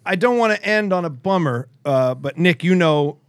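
A man's voice: sits high, lively intonation, moderate pace, noisy background. A man co-hosting a casual podcast, who talks in a playful, joking yet earnest way. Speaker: podcast co-host.

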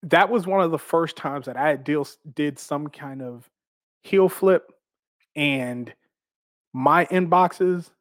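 A professional wrestler, a man, tells stories from his career in a casual, animated way, swearing freely and laughing between phrases. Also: a little high, slow, no room sound, studio quality.

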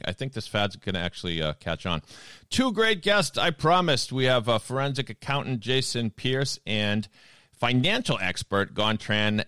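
A man's voice: lowish voice, a bit bright, smooth, no room sound. A man with a Boston accent hosting a podcast in a studio, chatting casually and joking with his guests. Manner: jokey, playful banter. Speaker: podcast host. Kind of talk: casual chat.

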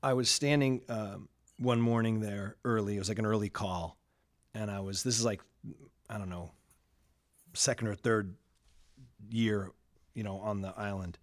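A man's voice: fairly low pitch, fairly even intonation, moderate pace, pauses often. A man hosting an interview, telling a personal story and acting out the lines he quotes before asking his question. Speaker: host.

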